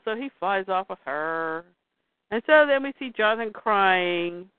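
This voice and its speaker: A woman's voice: mid-range voice, a little slow, smooth, dry recording. A woman host animatedly recapping a comic and reading parts aloud in a casual chat. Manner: animated, exclaims at scenes. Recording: dry, tinny phone-like sound.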